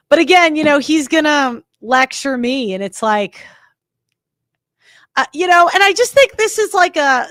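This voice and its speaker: A woman hosting a commentary show, talking in an emphatic, exasperated way with halting restarts. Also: fairly high pitch, fairly bright tone, no echo, clean studio sound. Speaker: commentary host reacting to clips. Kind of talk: casual reaction commentary.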